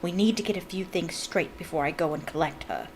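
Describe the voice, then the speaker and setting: A woman's voice: on the low side, a little fast, slight background noise, lightly acted. A woman reading aloud as a blustering, bullying middle-aged uncle who barks and snarls his threats. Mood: threatening.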